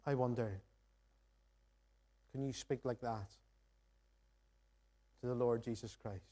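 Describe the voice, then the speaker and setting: Mellow-voiced man preaching a sermon. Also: medium pitch, steady tone, slow. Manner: earnest, reflective preaching with rhetorical questions. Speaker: pastor. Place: church sanctuary.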